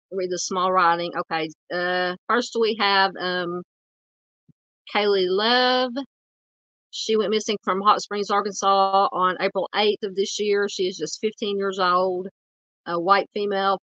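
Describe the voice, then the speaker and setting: A woman's voice: mid-range voice, sharp tone, no room sound, muffled recording. A woman with a Southern US accent hosting a true crime channel, chatting through missing-persons updates with lots of fillers and restarts.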